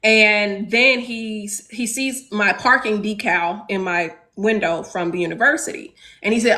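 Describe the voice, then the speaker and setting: A woman from Chicago's South Side in her thirties, earnestly telling a class a personal story and pausing on rhetorical questions. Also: mid-range voice, steady tone, sharp tone. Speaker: teacher leading a class discussion.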